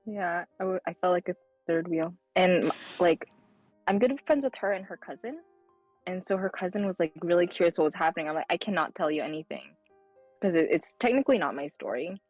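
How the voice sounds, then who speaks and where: A young woman casually telling a personal story as a guest on a stream, animated and acting out the dialogue. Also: fairly low pitch, a little fast, dry recording, faint music behind, poor audio. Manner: animated, acts out dialogue with lively voice changes.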